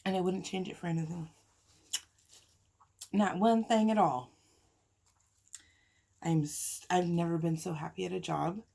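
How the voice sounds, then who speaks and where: A woman's voice: on the low side, fairly even intonation, measured pace, vocal fry, long pauses, mellow. A young woman vlogger telling a personal story in casual chat while eating, emotional and chatty, sighing and laughing often. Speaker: mukbang vlogger.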